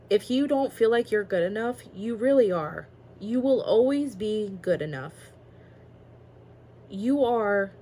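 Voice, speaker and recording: A woman's voice: mid-range voice, darkish tone, slight background noise, poor audio. A woman casually reading tarot cards aloud, chatty and rambling, with frequent fillers and giggles. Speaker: tarot reader.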